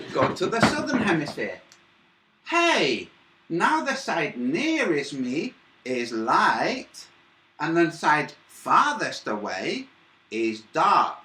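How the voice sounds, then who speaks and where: A man with a bright, forceful voice explains his point slowly and deliberately. His pitch swings widely as he jumps between patient demonstration and mocking replies to viewers in his chat. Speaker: livestream host.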